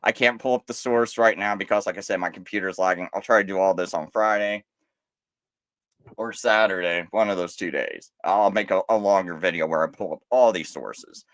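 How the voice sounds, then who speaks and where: A man's voice: low voice, moderate pace, fairly bright tone, dry recording. A man hosting a live stream, giving impassioned commentary full of rhetorical questions, restarts and mocking quoted voices.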